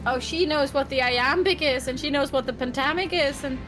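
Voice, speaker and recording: A woman's voice: high voice, a little fast, over music. A woman in her twenties chatting casually on a stream, blunt and ranting, swearing freely. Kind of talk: casual chat.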